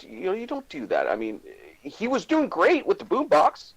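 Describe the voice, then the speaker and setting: A man from Canada, a guest on a casual livestream, talking haltingly and restarting his words often. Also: high-pitched, wildly swooping pitch, rough recording. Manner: halting, restarts words, hedges with "you know".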